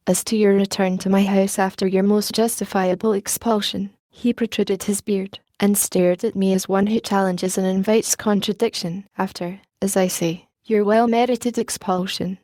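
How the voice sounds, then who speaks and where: Woman reading an audiobook in a mellow voice. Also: mid-range voice, no room sound. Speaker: audiobook reader. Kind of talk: scripted narration.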